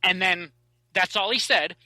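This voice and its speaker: A man, a podcast guest, telling a long personal story in casual interview talk, animated and rambling with many fillers and restarts, on a close mic. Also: high-pitched, measured pace, dry recording, low-quality recording.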